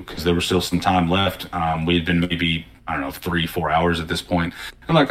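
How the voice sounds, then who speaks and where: Deep-voiced man telling game stories. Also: fast talker. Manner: animated storyteller, acting out quotes. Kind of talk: casual conversation about tabletop games.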